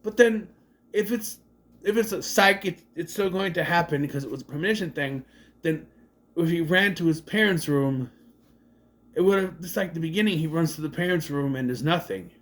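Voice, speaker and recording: A man's voice: a little high, moderate pace. A man casually recapping and reviewing a movie, swearing and mocking the scenes as he goes. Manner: animated, swears, mocks scenes in exaggerated voices.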